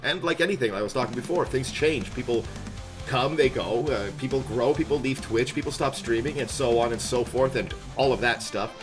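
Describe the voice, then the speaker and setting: A man's voice: mid-range voice, brisk. A man chatting casually on a live game stream, upbeat and rambling, laughing often. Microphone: headset. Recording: background music playing loudly. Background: music.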